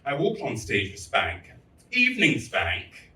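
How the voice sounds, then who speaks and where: A man's voice: on the low side, big pitch swings, moderate pace, pushed and bright, recorded from a distance. Man giving a candid speech in an echoey hall. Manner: candid, storytelling with crude humor. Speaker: festival speaker. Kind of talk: public speech to artists.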